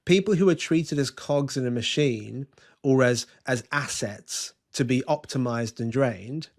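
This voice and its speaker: A man's voice: mid-range voice, a little slow, darkish tone. A man, a podcast guest talking earnestly and telling an anecdote, with frequent restarts. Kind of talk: conversational interview, storytelling.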